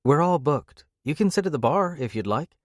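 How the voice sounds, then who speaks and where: A polite, brisk restaurant hostess, as a man narrating puts her on. Her voice is lifted above his own register. The recording is dry and close. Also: a little high, animated, no echo, pitched above the performer's own voice, lightly acted.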